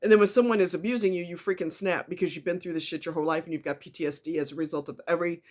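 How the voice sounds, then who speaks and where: Emotional and tight-throated, a female vlogger opens up in a personal confessional. Her lowish, slightly mellow voice stays fairly even in intonation as she halts, restarts, says um often, and curses bluntly.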